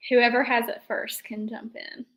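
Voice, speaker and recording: Upbeat woman roundtable host, higher voice. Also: flat delivery, rough recording. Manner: upbeat, quick, with fillers. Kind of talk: moderating a roundtable.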